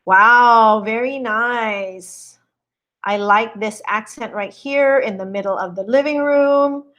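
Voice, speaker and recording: A woman's voice: fairly high pitch, moderate pace, lo-fi sound. A woman host on a casual live stream, walking viewers through a home listing in a chatty, admiring way and greeting viewers as she goes. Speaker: real estate agent hosting a live stream.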